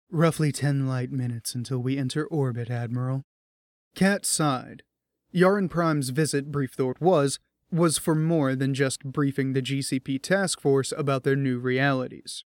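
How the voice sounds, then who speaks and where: A man narrating a science fiction audiobook in an even storytelling manner. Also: mid-range voice, dry recording, studio quality. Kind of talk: scripted narration.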